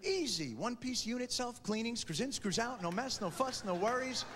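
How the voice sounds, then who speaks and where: A man in his thirties performing a stand-up comedy routine, quickly acting out characters in put-on voices. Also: very high voice, very animated, a bit bright. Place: large theater before a live audience. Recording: live stage recording in a reverberant hall with crowd noise.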